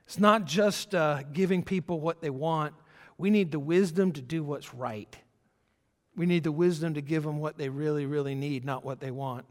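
A man's voice: on the high side, normal speed, in a large hall. A man preaching a sermon, telling a personal story in a loose, conversational way with many restarts and fillers. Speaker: pastor.

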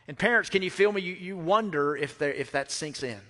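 A man's voice: high voice, fairly quick, few pauses, bright, forceful tone. Middle-aged man, pastor, emphatic sermon delivery with repeated lines, echoing church hall. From Mississippi. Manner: emphatic, repeats phrases, asks the crowd questions. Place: church sanctuary. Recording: reverberant hall.

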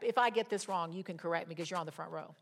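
A woman in her sixties leading a Bible study, telling stories in an animated way that swings between loud exclamations and quiet asides, and talking straight to her audience. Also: on the low side, quick pace. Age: 60s. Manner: chatty, addresses the audience directly. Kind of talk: storytelling Bible study teaching.

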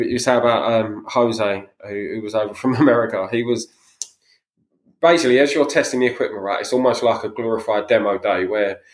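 Rambling man in a roomy room. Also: lowish voice. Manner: rambling storyteller, many fillers and restarts. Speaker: podcast co-host, golfer. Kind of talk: casual chat.

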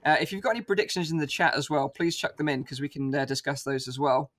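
A man hosts a relaxed panel chat about tech, speaking in a slightly raised register. He sounds easygoing and chatty, filling his sentences with small hesitations. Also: fairly high pitch, fast talker. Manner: relaxed, chatty, many fillers. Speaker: podcast host.

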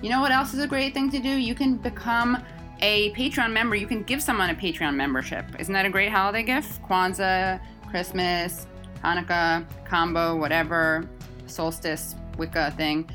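A woman's voice: mid-range voice, moderate pace, bright, forceful tone, soft background music. A woman hosting a live talk show, chatty and joking, going off on tangents as she introduces guests. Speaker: podcast host.

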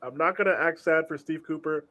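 A man's voice: fairly high pitch, a little fast, bright, forceful tone. A man giving frank opinions as a panelist in a casual sports chat.

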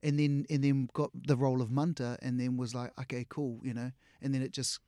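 A middle-aged man with a New Zealand accent, an actor appearing as a guest, tells easygoing stories in a medium-pitched, smooth voice at a slightly fast pace. He performs people's words animatedly and laughs often. The studio sound is clean, with no room sound.

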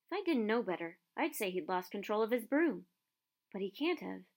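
A woman voicing a big, gruff but kindly male groundskeeper with rough, homely speech in a storybook reading. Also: mid-range voice, very animated, normal speed. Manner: rough country-style speech.

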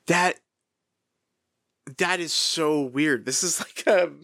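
A man's voice: a little high, no echo, clean studio sound. A man co-hosting a podcast, chatting casually about a novel and reading passages aloud, laughing often and restarting his sentences. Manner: animated, laughing, halting restarts. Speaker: podcast co-host. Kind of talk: casual book discussion with read-aloud passages.

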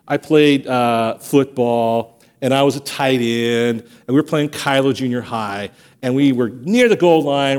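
A man preaching a sermon as pastor of a church, telling stories and acting out quotes with lively energy. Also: mid-range voice. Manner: animated storytelling, acts out quotes. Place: church sanctuary.

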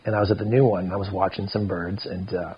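A man, a podcast guest, tells a story casually, full of "like" and quick asides. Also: breathy edge, lo-fi sound. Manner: animated, lots of filler "like", jumps into high voices for quotes.

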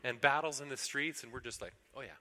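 A man's voice: mid-range voice, steady tone, fast talker, sharp tone, long reverb tail, a little hiss or hum. A man preaching a sermon earnestly, now and then acting out pleas to God in a raised voice. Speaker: pastor.

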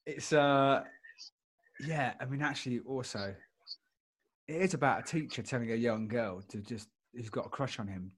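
A man's voice: mid-range voice, normal speed, breathy edge. A man in his forties hosting a music podcast, chatting casually with a wry, self-deprecating humor. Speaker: podcast host. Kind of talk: casual chat.

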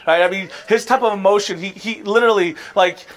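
A man's voice: high-pitched, brisk, a bit bright. A man in his thirties preaching a sermon as a pastor, earnest and building to impassioned appeals.

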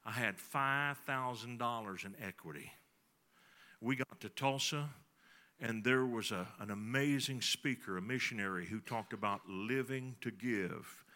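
A middle-aged man preaching a sermon, telling a folksy personal story that swings between soft, confiding passages and emphatic ones. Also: on the low side. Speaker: pastor.

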